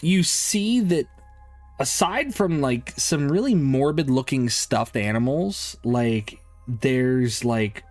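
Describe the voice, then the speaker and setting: A man's voice: medium pitch, slow pace, darkish tone, no room sound, soft background music. A man narrating a tabletop game as game master, loose and rambling with many fillers.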